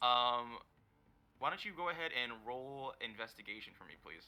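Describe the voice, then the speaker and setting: A man narrating as dungeon master in a tabletop game, pausing often with fillers. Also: medium pitch, expressive, sharp tone, a little hiss or hum. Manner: hesitant, many fillers while narrating.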